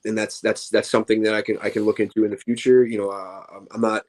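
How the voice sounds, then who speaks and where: A man's voice: lowish voice, level tone, quick pace, darkish tone. Tired man rambling with restarts. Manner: rambling, many restarts and fillers. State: tired, yawning. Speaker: professional wrestler, guest. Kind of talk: casual interview chat.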